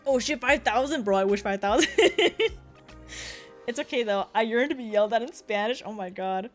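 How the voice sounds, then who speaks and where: A woman's voice: on the high side, moderate pace, soft background music. Giggly young woman streamer. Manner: giggly, laughs often, trips over restarts. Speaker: VTuber streamer. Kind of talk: casual live-stream chat, reacting to chat.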